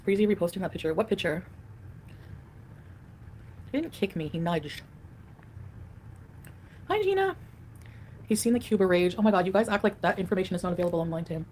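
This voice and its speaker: A woman's voice: lowish voice, animated, a little fast, pauses often, a little mellow, a little hiss or hum. A woman livestreaming in a casual, rambling way, reading viewer comments aloud and answering them.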